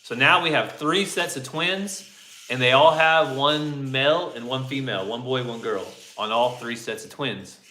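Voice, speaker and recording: A man's voice: mid-range voice, normal speed, sharp tone. A man co-hosting a casual farm livestream, easygoing and greeting viewers by name. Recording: echoey room.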